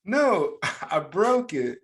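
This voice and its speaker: A man from the USA co-hosting a podcast, telling funny stories with laughs and loud quoted voices. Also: high-pitched, extremely slow. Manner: laughing storyteller, loud excited quoting. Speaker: podcast co-host. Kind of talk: casual chat.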